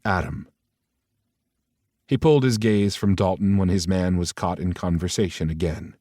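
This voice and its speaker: Low-voiced male audiobook narrator. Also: moderate pace, warm tone, no room sound, clean studio sound. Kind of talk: scripted romance narration.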